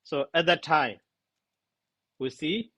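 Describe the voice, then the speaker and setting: A man explaining language grammar to a student, stopping often to search for words. His voice sits a little on the higher side, and his explanations come in hesitant, broken phrases. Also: bright, forceful tone, rough recording. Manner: halting, searches for words, many fillers. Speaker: Pali teacher. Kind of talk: explaining grammar in a class discussion.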